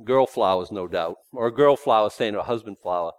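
A man preaching a sermon in a folksy, emphatic way, swinging between loud points and hushed asides. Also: fairly low pitch, a little fast, dry recording.

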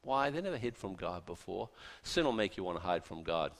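A man preaching a sermon in a folksy, punchy way, with rhetorical questions and lively acted-out voices. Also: low-pitched, fairly quick. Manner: animated, acts out voices of biblical figures.

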